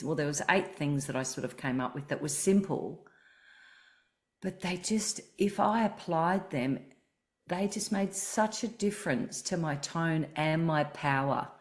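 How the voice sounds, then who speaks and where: A woman's voice: sits low, expressive, measured pace. A woman singing teacher hosting a podcast, explaining voice technique earnestly in casual chat.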